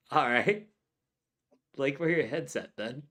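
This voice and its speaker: A man's voice: mid-range voice, pushed and bright. A man co-hosting a comedy podcast, reading out listener jokes from the chat with laughs in casual talk.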